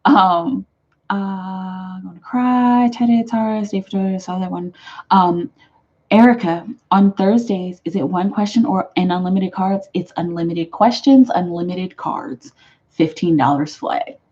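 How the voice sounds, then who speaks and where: A woman's voice: lowish voice, a little slow, dark tone, muffled recording. A woman tarot reader chatting casually on a live stream, rambling with many fillers.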